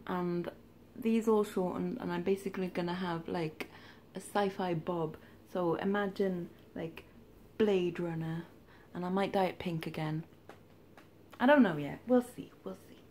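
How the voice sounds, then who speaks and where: A woman's voice: on the low side, fairly even intonation, unhurried, darkish tone, a little hiss or hum. A woman, chatting casually and rambling through a charity shop haul with wry asides. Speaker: charity shop reseller vlogger. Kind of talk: casual haul vlog chat.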